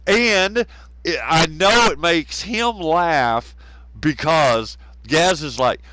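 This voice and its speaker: A man's voice: a little high, big pitch swings, a little slow, background noise. A man with a Southern American accent, hosting a live stream, chatting casually with lots of swearing, laughter and mocking impressions. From Southern United States. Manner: profane, laughing, mocking, mimics others. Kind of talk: casual rambling chat.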